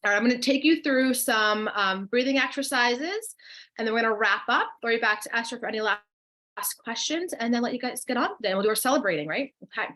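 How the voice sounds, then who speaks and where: A woman's voice: fairly high pitch, expressive, fast, pushed and bright. Chatty coach woman with New Jersey accent. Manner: chatty, encouraging, guides breathing exercises. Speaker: wellness coach co-hosting a workshop. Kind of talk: live webinar, reading chat replies.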